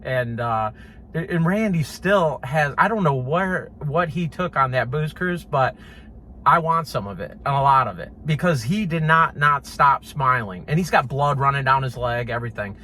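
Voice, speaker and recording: A man telling a funny personal story in a casual, animated way, often laughing and mimicking sounds. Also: medium pitch, normal speed, slight background noise. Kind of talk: casual anecdote.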